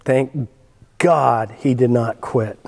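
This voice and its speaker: A man's voice: mid-range voice, takes it slowly, creaky, a little mellow. A man preaching a sermon in an earnest, emphatic way, repeating key phrases for weight. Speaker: pastor. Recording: long hall reverb.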